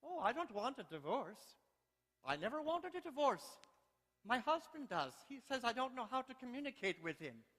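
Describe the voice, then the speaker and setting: A man's voice: very high voice, sing-song, moderate pace, a bit bright, big-room sound, voice pushed up, full character voice. A man voicing a naive, literal-minded woman in divorce court, in a put-on Irish accent, innocent and chirpy.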